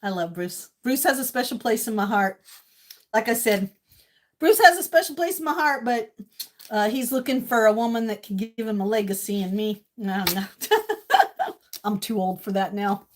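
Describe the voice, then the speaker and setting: A woman in her fifties from Maine chats with her livestream viewers from her kitchen, gushing, emotional and openly affectionate. Her voice sits a little high for a woman. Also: moderate pace. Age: 50s. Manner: gushing and emotional, swings between tearful and loud squealing laughter. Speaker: livestream host. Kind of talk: casual livestream chat. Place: home kitchen.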